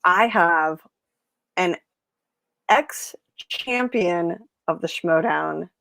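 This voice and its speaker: A woman hosting a casual livestream chat, telling stories in a lively way and acting out the people she quotes. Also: fairly low pitch, very slow, gravelly. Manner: chatty storyteller, animated quoted voices. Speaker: host.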